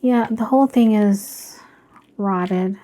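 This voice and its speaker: A woman vlogging about plant care, talking softly and slowly as she works, with worried asides. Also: mid-range voice. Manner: slow, soft-spoken, worried asides. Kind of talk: casual narration while working.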